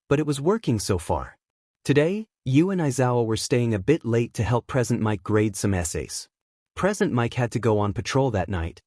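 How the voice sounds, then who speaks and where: A man's voice: mid-range voice, a little mellow, no room sound. Man narrating a story, dry close sound. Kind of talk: scripted narration of reader-insert fan fiction.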